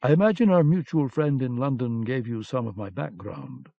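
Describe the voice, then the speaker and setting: A man reading an audiobook, voicing a calm, determined male agent in a firm, steady manner, on a dull lo-fi cassette recording. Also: medium pitch, moderate pace, creaky, no echo.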